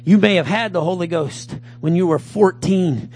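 A man preaching a fervent sermon, swinging between loud calls and low mutters as he acts out a taunting giant. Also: moderate pace, faint music behind.

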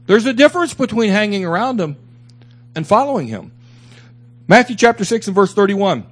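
High, animated preaching man. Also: normal speed. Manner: emphatic preaching with repeated phrases; candid, confessional asides to the congregation. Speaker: pastor. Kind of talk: sermon.

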